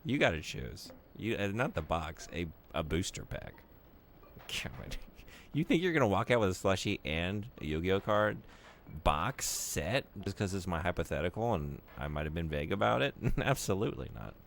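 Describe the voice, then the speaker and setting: A young man hosts his live stream in a low, gravelly voice, joking with his viewers and teasing them. His pitch swings widely from line to line. He talks into a desk mic. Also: lively intonation, moderate pace, slight background noise. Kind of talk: casual live-stream chat.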